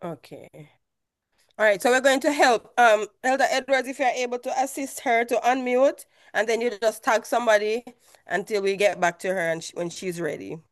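A woman's voice: a little high, moderate pace, dry recording, clean studio sound. A woman leading an online church meeting over a video call, calling on people by name and giving directions.

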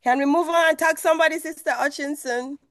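A woman's voice: sits high, fairly even intonation, a little fast, a bit bright, no room sound. A woman leading an online church meeting over a video call, calling on people by name and giving directions.

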